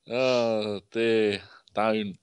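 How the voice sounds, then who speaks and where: A man's voice: on the low side, smooth, no echo. A man hosting a casual football podcast call, swearing, laughing and telling stories. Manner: sweary, laughing, animated storyteller. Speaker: podcast host.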